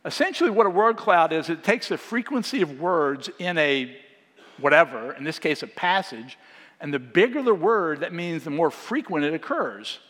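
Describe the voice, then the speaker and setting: A man's voice: on the high side, moderate pace. Man preaching a chatty sermon in a reverberant hall. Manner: conversational, animated, asks the congregation questions. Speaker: guest preacher. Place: church sanctuary.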